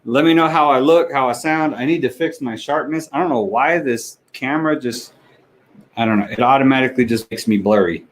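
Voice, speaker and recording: A man's voice: mid-range voice, a little hiss or hum, rough recording. Man thinking aloud while testing a stream. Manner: halting, thinking aloud with fillers. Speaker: livestream host. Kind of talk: casual stream setup chat.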